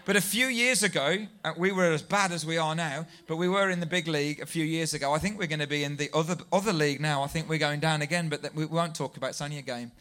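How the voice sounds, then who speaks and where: A man preaching a sermon, telling stories in a lively, self-deprecating way and building to near shouts. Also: fairly high pitch, fast, hardly any pauses. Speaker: pastor.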